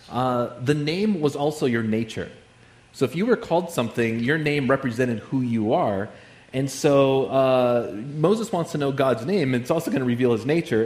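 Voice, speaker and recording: A man's voice: medium pitch, darkish tone. Conversational male preacher, echoey room. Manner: conversational, with frequent fillers and asides. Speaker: pastor. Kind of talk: sermon.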